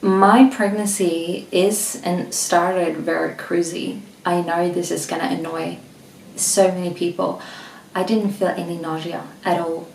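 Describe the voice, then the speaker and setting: A woman's voice: lowish voice, level tone, measured pace, creaky, a little mellow, distant mic, a little hiss or hum. A young woman from Sweden with a Swedish accent, talking in a casual vlog, a little out of breath, rambling with many restarts and fillers. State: slightly out of breath. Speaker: vlogger. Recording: echoey room, mic set back.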